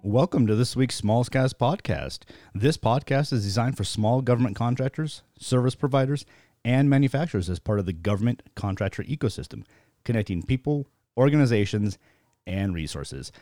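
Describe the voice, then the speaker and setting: A man's voice: medium pitch, animated, normal speed, warm tone, no room sound, studio quality. A man hosting a podcast in a loose, joking style, with frequent fillers as he introduces guests. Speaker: podcast host. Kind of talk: casual interview chat.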